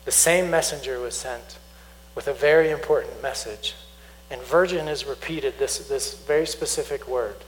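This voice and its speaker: A man's voice: fairly high pitch, poor audio. Man preaching a sermon over faint hum. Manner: earnest teaching, slows for emphasis, reads scripture aloud. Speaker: pastor.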